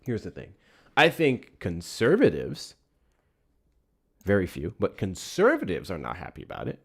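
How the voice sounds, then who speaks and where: A low-pitched man holds forth as a livestream host. His delivery is lively and full of swings, and he slips into profane, heated ranting as he comments. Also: moderate pace, creaky, slightly rough. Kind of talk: casual political commentary.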